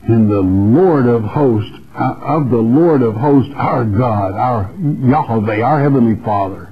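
A man's voice: medium pitch, unhurried, muffled recording, crowd noise. A man teaching the Bible verse by verse on a radio broadcast, earnest and repetitive, calling the listener his friend. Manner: earnest, repeats phrases, addresses listener as friend. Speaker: preacher.

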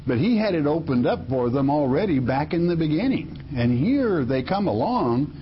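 A man's voice: on the high side, very animated, normal speed, lo-fi sound, a little hiss or hum. A man preaching a sermon in a folksy, emphatic way, often repeating words as he restarts a thought.

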